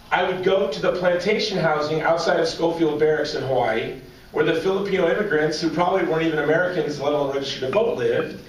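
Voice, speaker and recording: A man in his forties giving a humorous personal story speech at a banquet, as an animated, joking storyteller. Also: on the high side. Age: 40s. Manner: joking, animated storyteller drawing audience laughs. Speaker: banquet speaker. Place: large banquet hall with audience. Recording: echoey hall, distant mic, faint noise.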